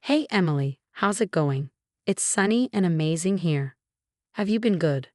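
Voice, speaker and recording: A woman's voice: on the low side, animated, moderate pace, a little mellow, no echo, clean studio sound, natural voice. A woman voicing a callous husband who talks to his wife curtly and impatiently. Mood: breezy. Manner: curt and impatient. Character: callous, dismissive adult husband.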